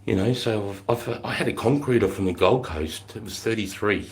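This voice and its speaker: A man's voice: fairly low pitch, normal speed. A middle-aged Australian man, a former army recruit instructor, telling stories casually on a livestream in a blunt, profane way. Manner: blunt and profane, bursts into shouted drill-sergeant quotes.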